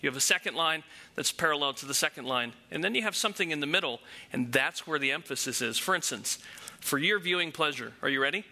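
Male pastor, higher register, very bright tone, conversational teaching sermon with rhetorical questions. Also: expressive, fast.

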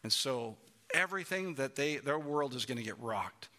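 Man, pastor preaching through scripture, bright and forceful voice, rhetorical questions. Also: mid-range voice, expressive, moderate pace. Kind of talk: sermon.

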